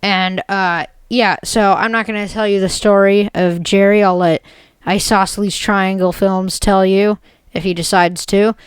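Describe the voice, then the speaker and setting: A woman's voice: mid-range voice, fairly even intonation, unhurried, clean tone, no echo. A woman retelling an absurd made-up story in a rambling, jokey way, full of "basically" and "like". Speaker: video creator.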